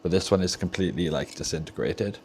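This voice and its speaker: Young welsh guy with a really low voice, just rambling away at his workbench while fixing stuff. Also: fast, darkish tone, a little hiss or hum. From Wales. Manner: rambling, chatty, self-correcting as he works. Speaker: streamer repairing game controllers. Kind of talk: casual livestream chat while tinkering. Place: home workshop with soldering bench.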